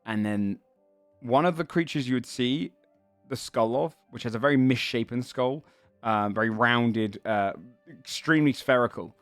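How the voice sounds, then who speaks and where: A man running a tabletop game as game master, describing the scene in halting, filler-laden narration. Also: medium pitch, fairly bright tone, no room sound, soft background music.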